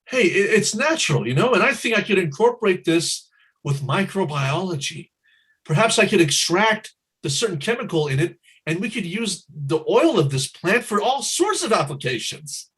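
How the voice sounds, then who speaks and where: A dreamy 1950s teen boy newly hooked on reefer, played by a man, rambling about big ideas. His voice is high and breathy, rising and falling a lot in a live improv comedy scene. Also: very animated, normal speed, a bit bright, heavily acted. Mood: enthused. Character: laid-back 1950s teen boy turned pot-smoking dreamer.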